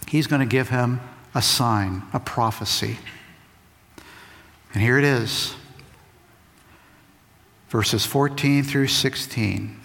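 A man giving a lively, conversational Bible lesson to kids. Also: mid-range voice, slow pace, gravelly, pauses often. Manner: lively, conversational, acts out quotes. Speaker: Bible teacher. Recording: long reverb of a large hall.

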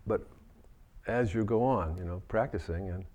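A man with a fairly low voice delivers a Buddhist dharma talk. He speaks gently and reflectively, working his way through ideas and often restarting phrases as he searches for words. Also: moderate pace. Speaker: Buddhist teacher.

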